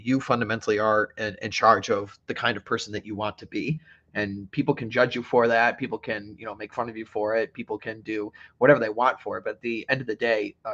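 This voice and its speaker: A man hosting a casual podcast chat, talking haltingly with many fillers. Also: on the low side, a bit bright. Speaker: podcast host. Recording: dull lo-fi sound.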